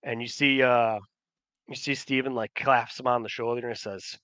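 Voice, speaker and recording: A man's voice: mid-range voice, fairly even intonation, normal speed, bright, forceful tone, dry recording. A man narrating a tabletop game as game master, rambling with many fillers and restarts.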